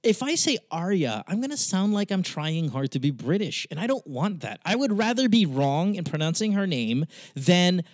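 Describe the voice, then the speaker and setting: A man with a Filipino accent hosting a podcast in casual chat, animated and swearing freely, slipping into Tagalog. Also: high-pitched, normal speed, hardly any pauses, no room sound. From Philippines. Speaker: podcast host.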